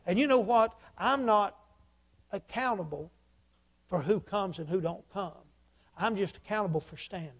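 A male preacher with a drawl and a high voice for a man. He spins homespun stories in a folksy way and keeps circling back with "he said". He drives each story toward a pointed, emphatic lesson. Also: moderate pace, long pauses. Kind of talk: sermon storytelling.

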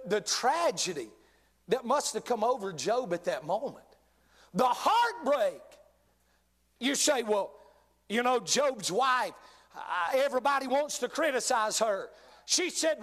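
A middle-aged man preaching a sermon, swinging between loud bursts and hushed, drawn-out words. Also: very high voice, big pitch swings. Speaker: pastor.

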